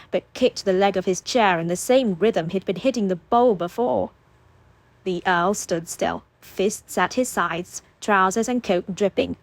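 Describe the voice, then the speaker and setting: Woman narrating an audiobook, steady and expressive. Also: fairly low pitch, dry recording.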